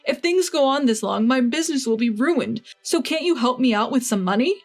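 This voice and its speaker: Woman voicing an older father-in-law, pleading, blustering, slightly high. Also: lively intonation, a little fast, soft background music.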